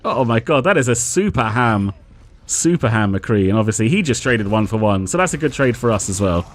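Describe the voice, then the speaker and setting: Guy at a desk mic breaking down his own game, casual, pokes fun at himself, middle pitch. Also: expressive, a little fast. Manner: chatty, analytical, self-mocking. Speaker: host. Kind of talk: casual gameplay commentary.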